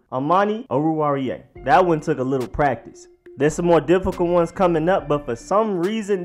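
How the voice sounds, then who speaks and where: A man hosting a sports vlog, casually explaining how to pronounce names, slowly spelling out each one and repeating it. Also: fairly high pitch. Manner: slowly sounds out each name, then repeats it. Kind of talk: pronunciation guide, casual explainer.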